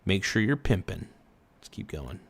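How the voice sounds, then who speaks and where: A man's voice: sits low, sing-song, moderate pace, slightly rough. A man hosting a casual reaction livestream, rambling loosely and swearing freely. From Oregon.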